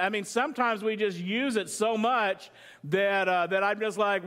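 An older man delivers a sermon as pastor, talking in a high, light register. He tells stories with jokes along the way and keeps tossing questions out to the congregation. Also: moderate pace, bright, forceful tone. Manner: conversational, jokey storytelling with audience questions.

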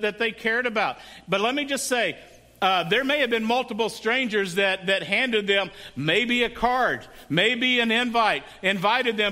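Pastor guy preaching in church, high voice, asks the crowd lots of questions. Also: sharp tone. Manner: conversational, asks the congregation questions. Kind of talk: sermon.

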